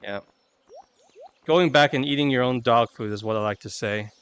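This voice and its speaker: Chatty streamer man, smooth voice. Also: mid-range voice, moderate pace, fairly bright tone. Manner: rambling, chatty, self-deprecating. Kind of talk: casual gameplay chat. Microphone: desk microphone.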